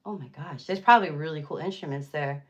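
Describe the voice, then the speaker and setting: A woman's voice: sits low, fast. A young woman chatting casually with viewers on a livestream, rambling with lots of fillers and easy laughs.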